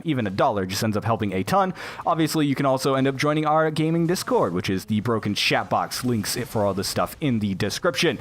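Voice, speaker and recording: A man's voice: mid-range voice, a little hiss or hum. A young American man chatting casually about a game while playing it in the background, rambling with fillers and asides. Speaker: gaming YouTuber. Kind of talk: casual commentary over gameplay.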